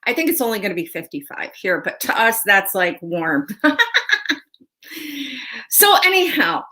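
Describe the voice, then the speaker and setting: A woman's voice: mid-range voice, sing-song, a little slow, bright, forceful tone. A woman hosting a casual livestream tarot show, chatty and friendly with viewers, laughing often and a little stuffy from a sinus cold. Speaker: host and tarot reader.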